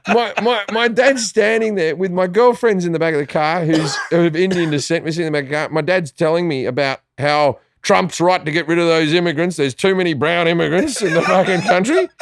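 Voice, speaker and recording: A man's voice: fairly high pitch, brisk, hardly any pauses, no room sound. A man with an Australian accent, a comedian guest telling a story in a casual chat. He swears often and acts out his family's voices.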